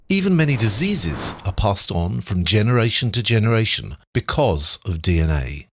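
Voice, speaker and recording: A man giving scripted educational narration, explaining biology in a measured way. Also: on the low side, no room sound.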